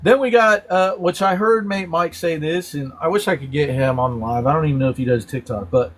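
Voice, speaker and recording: A man's voice: fairly high pitch, fairly quick, slight background noise. A man hosting a casual live stream, animatedly explaining slang terms one by one and laughing often.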